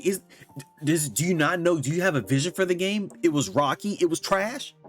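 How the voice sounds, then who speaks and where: Angry ranting young man, lively high voice. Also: moderate pace, soft background music. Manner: heated, loud and swearing, with slangy asides. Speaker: gaming commentator. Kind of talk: angry reaction rant.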